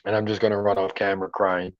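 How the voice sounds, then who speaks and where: Talking at a quick pace in a low, level tone, a middle-aged man runs a livestream where he reads live comments and jokes around with viewers, casual and profane. He uses headphones and a computer mic, and the sound has no room ambience with the highs cut off.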